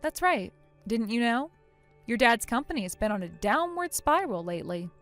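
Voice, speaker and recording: An icy, furious injured bride. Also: female voice, fairly high pitch, very animated, moderate pace, fairly bright tone, faint music behind. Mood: scornful. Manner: icy, scornful, firm. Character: furious injured young bride, cold and cutting. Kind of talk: text-message story voice acting.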